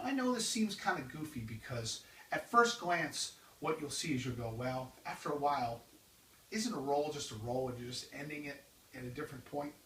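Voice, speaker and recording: A man giving a drum lesson, explaining exercises and counting them off loudly. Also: a little high, slight background noise. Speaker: drum teacher. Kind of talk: instructional demonstration. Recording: roomy, distant mic with loud drumming. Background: drums.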